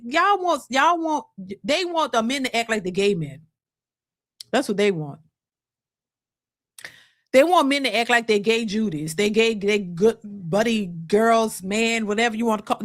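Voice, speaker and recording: A woman's voice: on the high side, no room sound, studio quality. A woman, talking casually and emphatically as host of a livestream. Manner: animated, emphatic, restarts often. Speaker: host of a reaction channel.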